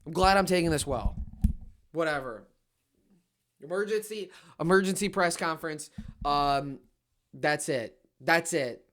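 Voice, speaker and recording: A young man ranting as a fan on a sports podcast, frustrated and swinging into loud outbursts. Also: on the high side, measured pace, long pauses. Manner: exasperated rant with sudden loud outbursts.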